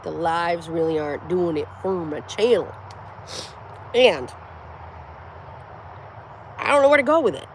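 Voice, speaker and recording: A woman's voice: lowish voice, animated, unhurried, pauses often, a little hiss or hum. A middle-aged woman from the United States vlogging outdoors at home, telling a story casually, laughing often and swearing freely. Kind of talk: casual storytelling chat to camera.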